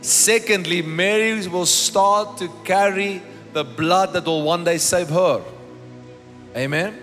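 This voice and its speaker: A man's voice: sits high, slow pace, fairly bright tone, faint music behind. A man preaching a sermon emphatically, repeating lines for effect, recorded live in a church hall. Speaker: pastor.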